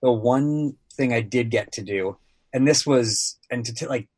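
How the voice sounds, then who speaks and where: A man's voice: medium pitch, a little slow, a little mellow, slightly rough, no echo. A sports broadcaster guest, a man in his thirties, telling casual stories on a podcast, rambling with lots of filler words.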